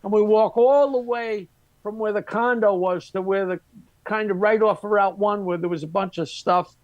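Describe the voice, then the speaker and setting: A man's voice: sits high, steady tone, normal speed, muffled recording. A man from Long Island, a comedian guest telling a crude, brash anecdote. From Long Island, New York. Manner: brash, crude, mimics other people. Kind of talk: profane storytelling anecdote.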